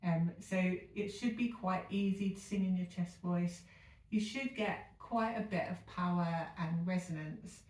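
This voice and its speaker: A woman's voice: on the low side, measured pace, background noise. Woman teaching singing in an echoey room. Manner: relaxed, plain explaining with frequent ums. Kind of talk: vocal technique lesson with sung demonstrations. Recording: echoey room, voice a bit far from the mic, piano faintly behind.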